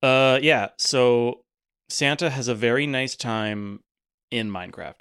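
A man's voice: mid-range voice, slow pace, a bit bright, clear, resonant tone. A man narrating a comedy tabletop game as game master, rambling with lots of fillers. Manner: rambling, filler-heavy, hesitant.

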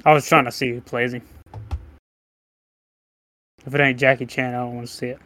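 A man's voice: mid-range voice, little pitch movement, fairly quick, a bit bright, dry recording. A young man co-hosting a podcast, chatting playfully with friends, slangy and leaning on "like" and "dude". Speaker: podcast co-host. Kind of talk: casual chat among friends.

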